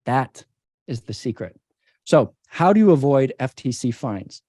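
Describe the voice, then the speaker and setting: A man's voice: mid-range voice, sing-song, unhurried, mellow, dry recording, studio quality. A man, a company CEO, answering interview questions in an emphatic, persuasive way and repeating his key points.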